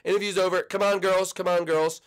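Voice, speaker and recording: A man's voice: high-pitched, little pitch movement, fairly quick, smooth, voice pushed up, close to an everyday voice. A man voicing a flustered young bachelor who interviews dating contestants, stammering and bossy. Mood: exasperated. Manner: hesitant, stammering, bossy with his guests.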